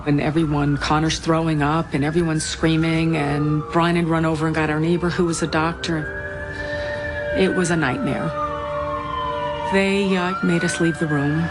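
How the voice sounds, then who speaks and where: A middle-aged woman, a bereaved mother, telling her story in a documentary interview in a halting, grief-stricken way. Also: low voice, little pitch movement, over loud music. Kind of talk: documentary interview, personal account.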